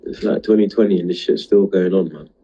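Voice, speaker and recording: A man's voice: sits low, fairly quick, warm tone, highs cut off. A young man, drunk and talking in a rambling, emotional way on a casual livestream. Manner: rambling, emotional, heavy street slang. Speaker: livestream host.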